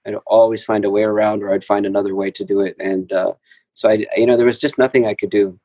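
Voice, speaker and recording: A man telling his story at a recovery group meeting, halting, with many fillers and restarts. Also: on the low side, steady tone, mellow, dry recording, lo-fi sound. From Texas. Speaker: speaker sharing at a recovery meeting. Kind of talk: personal recovery share. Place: meeting room.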